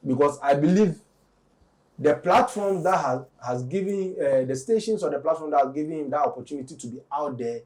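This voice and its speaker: A male commentator, speaking a touch high. He weighs his words deliberately and lays out both sides of the story in talk-show fashion. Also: a little mellow. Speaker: entertainment commentator.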